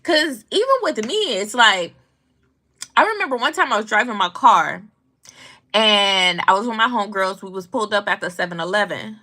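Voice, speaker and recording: A woman's voice: mid-range voice, lively intonation, normal speed, sharp tone. A young adult woman vlogging, telling casual stories about the news in a blunt, slangy, profane way. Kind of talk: casual storytelling commentary.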